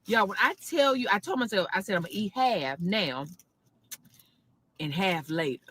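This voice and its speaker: A woman in her car, chatting into her phone and reviewing a sandwich, with a drawn-out, preacher-like cadence. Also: mid-range voice, slight background noise. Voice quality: animated southern-style preacher cadence, drawn-out exclamations. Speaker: food video creator. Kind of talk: casual selfie video review.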